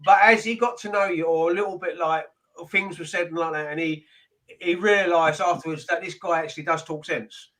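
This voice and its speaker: A man's voice: a little high, fairly even intonation, a little fast, a bit bright. A man chatting bluntly with swearing in casual conversation. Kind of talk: casual chat.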